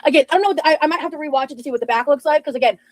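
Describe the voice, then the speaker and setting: High-pitched and racing, a young woman gushes over her chat's comments while cooking on a casual livestream, with filler words throughout. The recording quality is rough.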